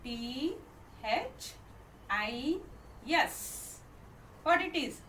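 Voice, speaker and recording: A woman's voice: high-pitched, lively intonation, a bit bright. A woman with an Indian English accent teaching first graders to read, spelling each word letter by letter, then saying it, and often checking "okay?". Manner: spells words letter by letter, then says them slowly; repeats questions, checks with "okay?". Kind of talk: classroom phonics lesson. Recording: echoey room, mic at a distance, faint noise.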